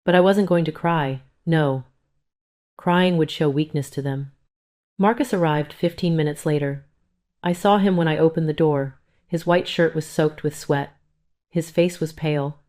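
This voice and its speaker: Low-voiced woman narrating a dramatic story. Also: steady tone, unhurried, a little mellow. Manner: stern, cold.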